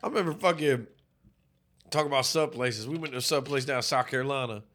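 A man co-hosting a podcast, telling stories in a loud, profane, animated way. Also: mid-range voice, fast. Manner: animated, profane storytelling with acted-out quotes. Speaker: podcast co-host. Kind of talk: casual chat.

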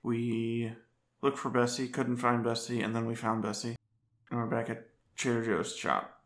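A man gives a halting, wry recap of the last game session, full of fillers. His voice stays flat and even, and it sounds like an echoey room. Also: mid-range voice. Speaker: tabletop game player.

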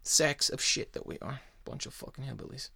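A man's voice: mid-range voice, a little fast, vocal fry, sharp tone, breathy edge, no room sound. A man hosting a casual podcast, talking in a profane, rambling and sarcastic way. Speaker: podcast host. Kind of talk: casual chat.

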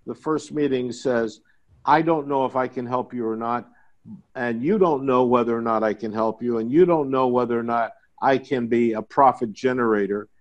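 A middle-aged man in a podcast conversation, explaining his sales approach with folksy stories and jokes. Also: medium pitch. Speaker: guest, IT sales consultant.

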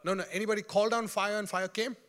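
A man preaching a sermon in an animated, joking way, often laughing and calling out to his congregation. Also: high-pitched, fast talker.

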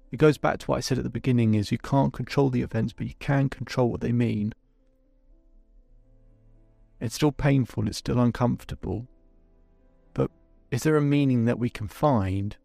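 A man's voice: medium pitch, gravelly, a little mellow, no room sound. A man working as a life coach, speaking reflectively to his listeners and his client, often restarting his sentences. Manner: reflective, halting with many restarts. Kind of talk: coaching session with asides to listeners.

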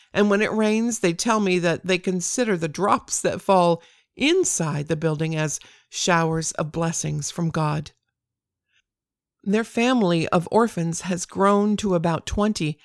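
A woman's voice: fairly low pitch, dry recording, clean studio sound. An older woman hosting a devotional podcast, talking in an earnest, encouraging way. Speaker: podcast host.

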